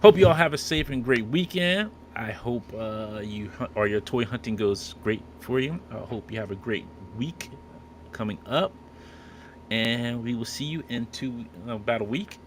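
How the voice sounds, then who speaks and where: A man's voice: medium pitch, moderate pace, slight background noise. A man hosting a casual podcast, joking and rambling with many restarts. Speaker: podcast host. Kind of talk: casual chat.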